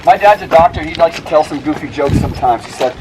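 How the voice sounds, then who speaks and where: A man's voice: fairly high pitch, fast. A man leading a hiking tour outdoors on a mountain trail. He is chatty and upbeat and cracks corny jokes. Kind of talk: joking tour narration. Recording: outdoor wind noise.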